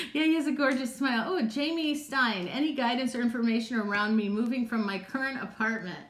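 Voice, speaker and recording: A woman's voice: fairly high pitch, fairly quick, few pauses. A woman psychic chatting casually on a live stream, answering viewers' questions in a rambling way with frequent laughs. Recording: roomy, echoey room sound.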